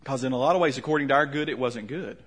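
Husky-voiced man preaching a sermon. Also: mid-range voice, quick pace. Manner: conversational, questioning, with soft dropped endings. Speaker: pastor.

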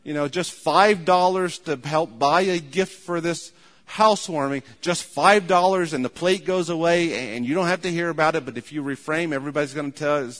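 A man's voice: fairly high pitch, moderate pace, a bit bright. A man preaching a sermon, earnest and repetitive, acting out imagined people as he goes. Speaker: pastor. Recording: long hall reverb.

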